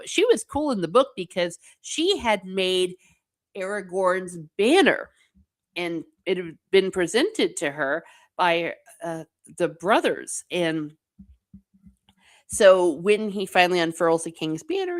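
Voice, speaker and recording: A middle-aged woman hosts a casual livestream, answering viewer comments in a chatty, wry way. Her voice sits a little low, and she turns playfully exasperated. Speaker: host reading live chat. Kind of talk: casual livestream chat about films.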